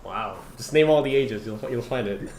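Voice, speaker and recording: A man's voice: medium pitch, moderate pace, darkish tone, a little hiss or hum. An American man in his thirties, laid-back and a little hesitant, hosting a casual online voice chat. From United States. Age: 30s. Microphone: online voice call. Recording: roomy echoing mic.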